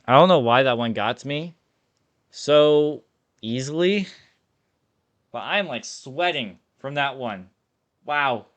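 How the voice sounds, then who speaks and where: A young man giving jittery, excitable horror gameplay commentary, often saying "dude". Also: medium pitch, takes it slowly, long pauses.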